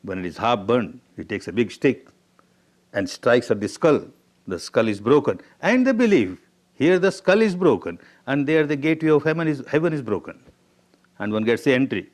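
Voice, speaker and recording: A man's voice: medium pitch, lively intonation, moderate pace, a little mellow. A man with an Indian English accent giving a meditation discourse, emphatic and repetitive, telling parables. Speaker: meditation teacher. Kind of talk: spoken dharma discourse.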